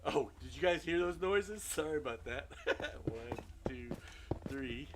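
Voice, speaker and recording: A middle-aged man streaming a building game live while walking on a treadmill, out of breath, muttering counts to himself between loud chatty asides to his viewers. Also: a little high, expressive, measured pace, background noise. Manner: mutters block counts under his breath, then chats loudly to viewers. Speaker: gaming streamer.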